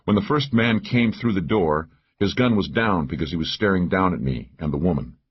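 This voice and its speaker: A man narrating a first-person thriller audiobook in a steady, measured way. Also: low-pitched, husky, lo-fi sound.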